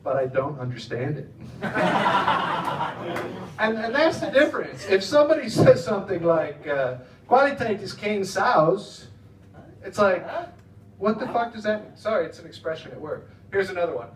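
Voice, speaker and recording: An American man doing a stand-up set in a high, lively voice, rambling and chatty and chuckling at his own jokes. He is heard from some way off in an echoey club room with a faint hiss behind him. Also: normal speed, recorded from a distance. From United States. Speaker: stand-up comedian. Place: comedy club stage in the Netherlands.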